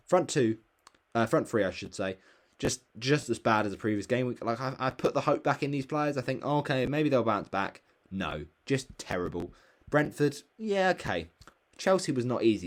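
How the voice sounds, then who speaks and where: A young man reviewing his fantasy football season, exclaiming and grumbling about players in casual solo commentary. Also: mid-range voice. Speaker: fantasy football channel host.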